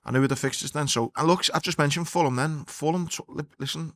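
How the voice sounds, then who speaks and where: A man co-hosting a podcast, chatting casually about football in a blunt, sweary, animated way. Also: fairly high pitch, fast, no echo. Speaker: podcast co-host.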